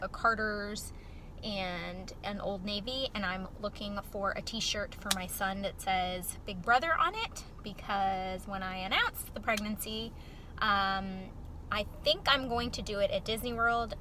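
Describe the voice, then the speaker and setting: A woman talking candidly to camera in a casual personal vlog, soft-spoken and heartfelt. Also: medium pitch, slight background noise, rough recording. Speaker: vlogger.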